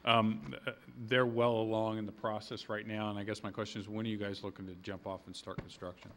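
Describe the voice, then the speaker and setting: A man's voice: lowish voice, level tone, brisk, a bit bright. A man speaking at a public planning meeting as village staff, plain and a little hesitant.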